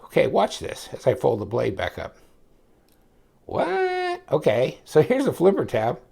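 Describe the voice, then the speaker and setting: Gravelly, excitable man reviewing a knife. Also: mid-range voice, normal speed. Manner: rambling, excitable, talks to viewers while handling the knife. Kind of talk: casual product review.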